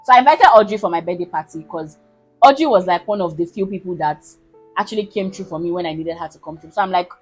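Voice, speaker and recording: A woman's voice: on the low side, fast, slightly rough, soft background music. A young woman with a Nigerian accent telling a storytime vlog in a sassy, emphatic way, mixing slang and pidgin. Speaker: vlogger. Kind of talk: casual storytime.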